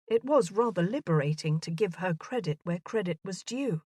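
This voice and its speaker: Woman reading a romance audiobook, lowish voice, super dry close sound, measured. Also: animated, a little mellow, dry recording. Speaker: audiobook narrator. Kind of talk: scripted audiobook narration.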